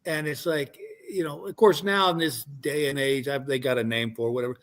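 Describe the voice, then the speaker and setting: A man's voice: a little high, fairly even intonation, brisk, fairly bright tone. An older man, a guest comedian, telling stories in casual chat and rambling with many restarts.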